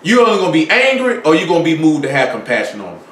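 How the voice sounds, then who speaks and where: A high-voiced man preaches a conversational sermon, full of rhetorical questions and readings from scripture. The sound is roomy and echoey. He stands some way back from the microphone. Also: wildly swooping pitch, rapid-fire, fairly bright tone. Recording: echoey room, mic at a distance.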